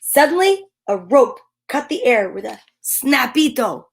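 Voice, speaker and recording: A woman's voice: high voice, big pitch swings, a little slow, vocal fry, breathy edge. Playful woman reading a storybook aloud. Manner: playful, chatty asides to listeners. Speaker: children's story reader. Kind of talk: reading a picture book aloud.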